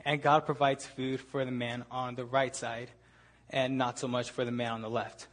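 A man's voice: mid-range voice, moderate pace. Chatty young man telling a story. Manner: relaxed, chatty, leans on "like" and "ended up". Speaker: speaker at a gathering. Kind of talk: casual storytelling talk.

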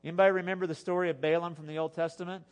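A male pastor with a high-ish voice preaches an animated sermon very fast, exhorting his listeners and slipping in jokes and asides.

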